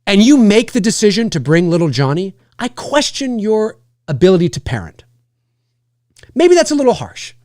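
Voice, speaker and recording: A male livestream host ranting in a loose, casual way. His pitch leaps all over the place as he acts out bits of scenes, with some swearing mixed in. The sound is close and dry. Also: very animated, moderate pace, a little mellow, no room sound. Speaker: live show host.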